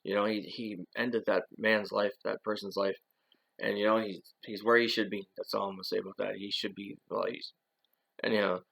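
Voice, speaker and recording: A man with a low, gravelly voice talks on his own in a casual monologue. He rambles, often circling back and restarting his sentences. His talk is loaded with fillers like "uh" and "you know.". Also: little pitch movement, brisk, a bit bright, poor audio. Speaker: channel host.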